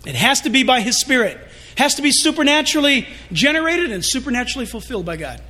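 Pastor guy preaching, really high bright voice, jokey and lively. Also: fast talker. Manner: animated, joking, confessional. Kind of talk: sermon.

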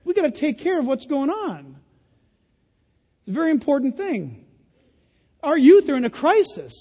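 An older man preaching a sermon as pastor of his church, animated and folksy, acting out the voices he quotes. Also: extremely high pitch. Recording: long reverb of a church hall.

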